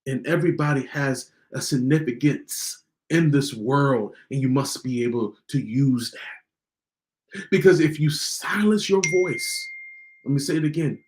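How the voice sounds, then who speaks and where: A man's voice: mid-range voice, a little slow. A man hosting a podcast, giving a motivational talk in a preachy way and repeating lines for emphasis. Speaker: podcast host.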